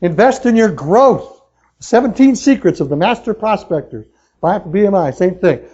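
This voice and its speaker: High mellow guy hyping up a sales crowd, pushy questions, muffled lo-fi live tape. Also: moderate pace, husky. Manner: excitable, pushy, talks straight to the crowd with questions. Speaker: motivational speaker at a sales meeting. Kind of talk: energetic live seminar talk.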